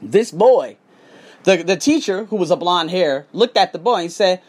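Guy on a profane rant to his viewers, voice leaping up and dropping way down, loud bursts then low mutters. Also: lively intonation, normal speed. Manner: heated, profane, swinging between loud outbursts and low muttered asides. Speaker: English teacher and podcaster. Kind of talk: casual ranting monologue to viewers.

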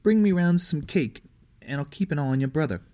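A man's voice: fairly high pitch, animated, a little fast, mellow, pitched above the performer's own voice, close to an everyday voice. A man voicing a greedy, colloquial male prison guard in a storybook reading. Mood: folksy. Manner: folksy, colloquial.

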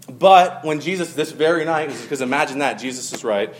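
A man's voice: a little high, expressive, fairly quick, hardly any pauses. A man giving a casual, conversational sermon to a live audience, with many fillers and joking asides. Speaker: preacher.

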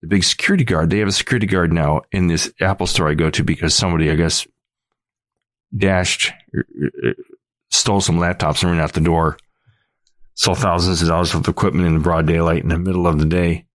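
A man's voice: low-pitched, fairly even intonation, fast, a bit bright, no room sound. A middle-aged man hosting a podcast, talking in an earnest, rambling monologue full of restarts. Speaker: podcast host.

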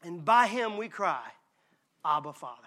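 A male pastor preaches a sermon in a high-pitched, bright, forceful voice that is animated and a little slow. He speaks emphatically, dropping to hushed intimacy before rising to shouts.

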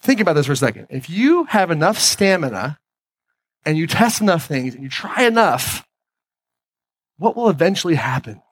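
An energetic man in a fairly high register delivers a motivational talk from a stage, often turning to his audience with questions. His voice comes through dry and close, with little room sound. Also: normal speed, dry recording. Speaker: podcast host giving a talk on stage. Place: stage before a live audience.

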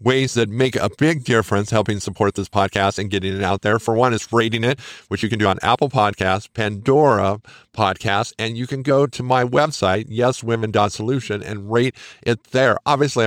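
A middle-aged man hosting his own podcast, talking to listeners in an earnest and encouraging tone. His voice sits on the low side. The recording is close and dry. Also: no echo. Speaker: podcast host. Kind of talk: casual solo podcast monologue.

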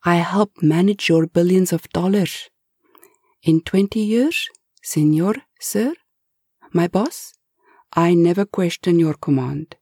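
A woman's voice: on the low side, slow pace, long pauses, mellow, husky, dry recording, studio quality, heavily acted. A woman voicing an anxious, loyal middle-aged male banker, pleading and wailing in a storybook reading. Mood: fretful.

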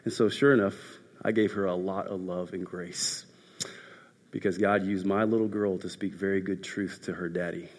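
A man preaching a sermon as a pastor, telling a story and swinging from loud passages to hushed ones. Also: deep voice, steady tone, moderate pace. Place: church hall. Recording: echoey hall.

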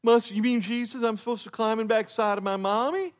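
A man doing a slow-witted fellow who sounds baffled and whiny, his voice jumping up into a squeaky, mock-dumb register. He comes across as a comic simpleton in a sermon. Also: fairly even intonation, natural voice.

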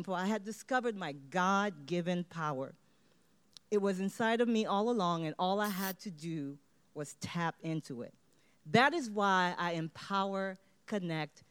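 A woman with a lowish voice delivers a motivational award acceptance speech, leading her listeners in call-and-response chants.

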